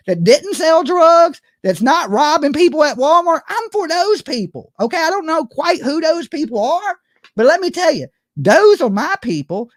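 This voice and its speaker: A man's voice: very high voice, no echo, clean studio sound. A man hosting a late-night livestream, ranting to his viewers in a heated, profane and emphatic way. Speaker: YouTube livestream host.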